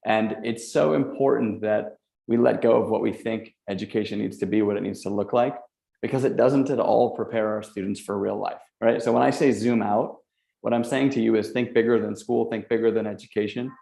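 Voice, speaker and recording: Man, entrepreneur, low gravelly voice, earnest, echoey room. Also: steady tone, a little fast, mellow. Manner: earnest, urgent advice. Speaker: entrepreneur panelist. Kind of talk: earnest panel talk.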